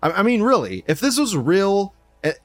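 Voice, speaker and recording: A man's voice: sits high, sing-song, moderate pace, dry recording, soft background music. A man hosting a news commentary show in a casual, profane, mocking rant, laughing often.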